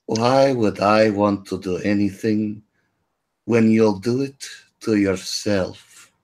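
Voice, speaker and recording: Man plays slow, pleasant healer woman with a sinister streak. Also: on the low side, steady tone, darkish tone, pitched below the performer's own voice. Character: calm, serene female healer with a dark edge.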